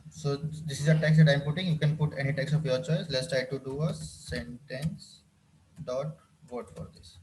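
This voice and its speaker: A man's voice: mid-range voice, steady tone, moderate pace, darkish tone, a little hiss or hum. A man teaching a live coding class, often repeating phrases and checking whether his students follow. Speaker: instructor.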